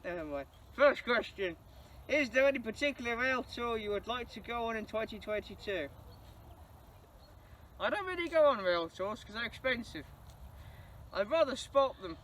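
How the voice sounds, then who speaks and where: High, bright young man. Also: very animated, moderate pace, long pauses. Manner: enthusiastic, laughs often. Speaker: channel host answering viewer questions. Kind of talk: casual Q&A monologue. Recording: distant mic, faint background noise.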